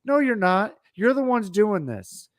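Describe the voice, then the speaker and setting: Casting: a man with a slightly high voice, emphatic podcast co-host, dry close sound. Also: very animated, measured pace, dry recording. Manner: emphatic, indignant when making a point. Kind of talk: casual podcast chat.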